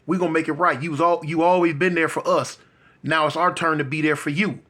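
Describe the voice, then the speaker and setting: A man voicing an earnest young man reassuring his mother, hurried and insistent. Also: fairly high pitch, steady tone, bright, forceful tone.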